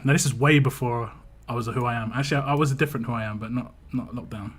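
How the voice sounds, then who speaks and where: An English man hosting a game livestream, telling rambling stories in a relaxed way, often restarting his sentences and chuckling. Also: medium pitch, brisk, faint music behind. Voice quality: big, laid-back presence. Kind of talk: casual stream chat.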